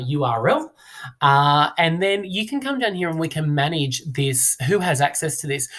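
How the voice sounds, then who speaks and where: Chatty man walking through a tutorial. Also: fairly high pitch. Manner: relaxed, chatty, frequent "uh" and "now". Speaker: teacher demonstrating software. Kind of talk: screen-recorded tutorial.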